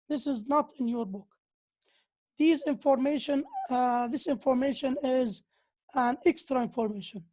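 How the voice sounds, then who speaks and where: A high-voiced woman lecturer, speaking slowly and with emphasis. She teaches English at university level, switches into to explain points, and acts out the example sentences with big, exaggerated intonation. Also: darkish tone.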